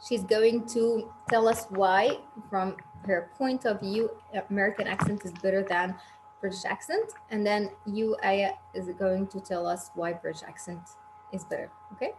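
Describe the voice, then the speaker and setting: A woman teaching an English class over a video call, keeping the chat relaxed and laughing easily. Her voice sits in a middle range. A faint hum runs under the call. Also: medium pitch, normal speed. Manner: friendly, laughs often, guides the talk. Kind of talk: casual online class chat.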